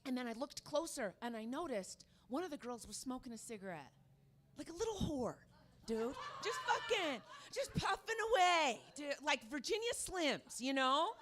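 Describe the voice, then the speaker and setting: A woman's voice: high voice, very animated, moderate pace, a bit bright. A woman doing a stand-up set on a comedy club stage, telling a brash, profane story into a handheld mic.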